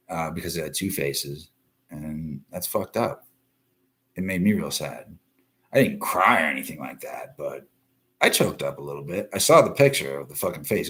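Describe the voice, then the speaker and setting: A man hosting a live-stream news show, ranting bluntly and profanely while greeting viewers from the comments. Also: deep voice. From East Coast of the US. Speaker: livestream news show host.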